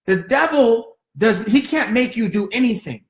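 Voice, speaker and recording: A man in his thirties with a notably high voice gives relationship advice in a preacher's cadence. He speaks straight to his listeners and hammers his points home through repetition. The room around him sounds echoey. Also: animated, moderate pace. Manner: emphatic, addresses listeners directly, repeats points. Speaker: co-host giving relationship advice. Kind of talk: preaching-style relationship talk.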